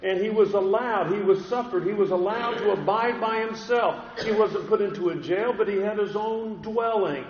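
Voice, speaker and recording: Male pastor, high voice, earnest sermon delivery, roomy and lo-fi church recording. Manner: earnest, deliberate, often repeats words as he restarts. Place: church sanctuary with a congregation. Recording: dull echoey recording in a large hall.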